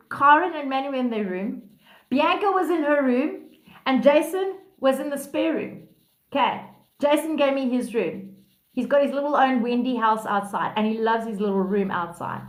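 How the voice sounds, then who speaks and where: A woman's voice: high voice, echoey room. A woman hosting a live stream on her phone, chatting casually with viewers, blunt and profane, laughing often and calling commenters by name. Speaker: livestream host.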